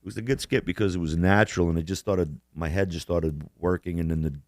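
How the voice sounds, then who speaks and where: A man's voice: low-pitched, fairly even intonation, fast, a little mellow, no room sound, clean studio sound. A man co-hosting a casual podcast chat, swearing constantly and rambling, often laughing as he mimics people. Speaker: podcast co-host.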